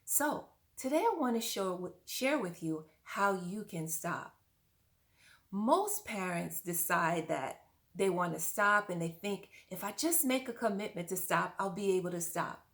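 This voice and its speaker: A woman's voice: medium pitch, lively intonation, measured pace, fairly bright tone. Woman parent coach, earnest and coaching, speaks straight to the viewer. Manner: earnest, coaching, asks the listener questions. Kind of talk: direct-to-camera parenting advice.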